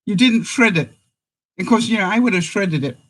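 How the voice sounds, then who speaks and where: A woman's voice: mid-range voice, animated, normal speed, rough recording. An older woman hosting a casual live-stream chat, talking straight to her viewers and laughing often. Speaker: vlogger host.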